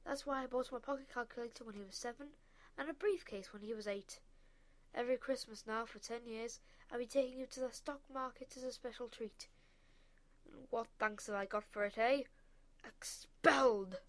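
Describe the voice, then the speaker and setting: A loud, blustering middle-aged banker barks and rants about discipline, as a woman reading a storybook puts him on. His voice sits fairly high and booms with bluster. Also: brisk, close to an everyday voice. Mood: ranting. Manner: loud, ranting, snapping. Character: blustering pompous middle-aged male banker, bad-tempered.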